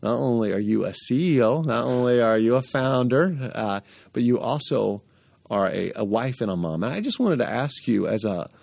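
A man's voice: mid-range voice, expressive, moderate pace, gravelly, a little mellow, dry recording, clean studio sound. A man hosting an interview, talking earnestly in a coaching tone and stringing his points together in lists. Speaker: podcast host. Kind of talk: conversational interview.

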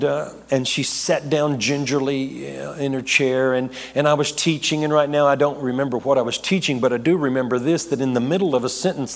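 A middle-aged male pastor tells his testimony from the pulpit at an ordinary pitch. He rambles, backtracks and laughs at himself as he goes. His voice rings through a long, echoing hall. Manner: rambling storyteller, self-correcting, laughing asides. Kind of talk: testimony sermon.

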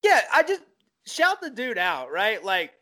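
Guy co-hosting a movie podcast, high bright voice, rambly, lots of likes and swearing. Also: wildly swooping pitch, measured pace. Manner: rambling, many restarts and "like", swears. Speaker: podcast co-host. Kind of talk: casual film chat.

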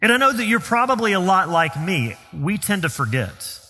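A man with a Southern US accent preaching a sermon as pastor, earnest and emphatic, slowing down on key phrases. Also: high-pitched, sing-song, bright, forceful tone, slightly rough, in a large hall. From Southern United States. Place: church sanctuary.

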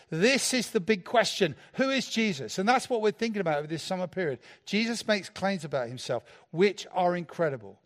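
A man's voice: high voice, a little fast, few pauses. A man. He preaches playfully and jokes with the people in front of him. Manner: playful, animated, jokes with the congregation. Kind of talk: sermon.

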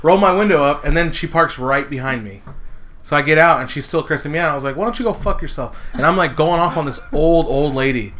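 A man in casual podcast chat, telling an animated, profane story. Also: on the high side, a little fast, slight background noise. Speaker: podcast co-host.

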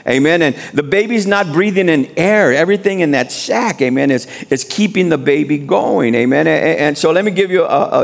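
A man preaching a sermon as guest speaker in a church, building to shouted appeals and call-and-response. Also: fairly high pitch, gravelly.

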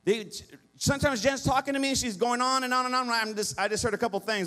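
Man pastor, high voice, middle-aged, call-and-response sermon, pleading. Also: fast, bright, forceful tone.

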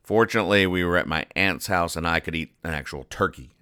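A man hosting a comedy podcast, recapping comic strips in a rambling, self-deprecating deadpan. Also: low-pitched, fast talker, clean tone, no room sound, studio quality. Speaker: podcast host.

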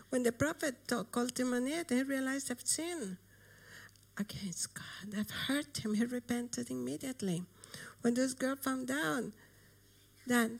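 Woman preaching, storytelling with hushed whispers. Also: high-pitched, gravelly. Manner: dramatic storytelling, drops into whispers for emphasis. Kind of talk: sermon storytelling.

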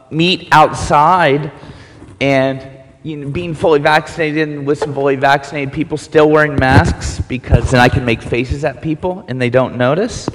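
A middle-aged man settles in as pastor at an outdoor gathering, rambling and joking with plenty of fillers. His voice sits at an ordinary pitch, with a long reverb trailing behind it. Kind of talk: casual chat before a sermon.

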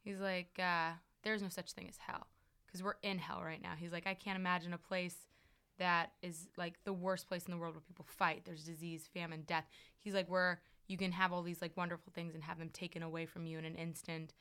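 A woman's voice: lowish voice, little pitch movement, brisk, fairly bright tone, smooth. A woman in casual chat, telling personal stories with lots of fillers and acted-out quotes. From farm upbringing, rural. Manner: storytelling, many fillers, acts out quotes.

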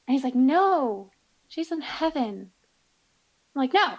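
A woman telling stories in casual podcast chat, animated and acting out the people in them. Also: sits high, unhurried, pauses often, poor audio.

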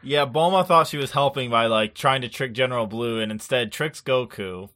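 Podcast host, casual chat, mid pitch, laid-back, rambling, fillers. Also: moderate pace, fairly bright tone.

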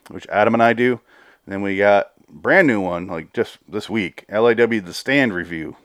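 A man's voice: fairly low pitch, dry recording, clean studio sound. Profane rambling male podcaster. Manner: rambling, profane, exasperated rants. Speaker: podcast host. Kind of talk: solo review podcast.

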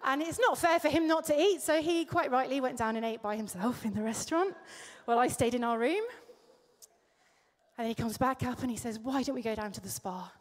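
A woman's voice: high voice, brisk. A woman preacher giving a sermon, telling stories with self-deprecating humour. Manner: warm storytelling, laughing at herself. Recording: echoey hall.

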